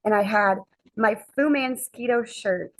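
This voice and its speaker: A woman guest on a chat podcast, telling a lively anecdote and acting out the quoted dialogue. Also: mid-range voice, a little slow, rough recording. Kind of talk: casual storytelling chat.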